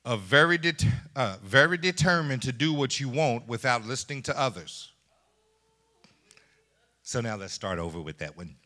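A man's voice: medium pitch, expressive, moderate pace, sharp tone. A man preaching a sermon as pastor, with laughing asides and call and response to the congregation.

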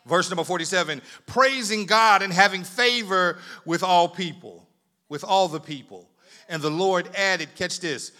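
A man preaching a sermon in a church, reading scripture and repeating words as his fervor builds toward shouted climaxes. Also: sits high, measured pace. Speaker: pastor. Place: church sanctuary.

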